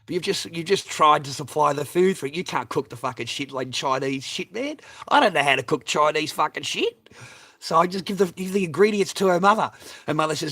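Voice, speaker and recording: A man rants on a livestream, his voice sitting a little high. He swears constantly and mocks his targets with heated scorn. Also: expressive, fairly quick, fairly bright tone. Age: adult with a child. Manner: profane, heated and mocking. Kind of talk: ranting livestream monologue.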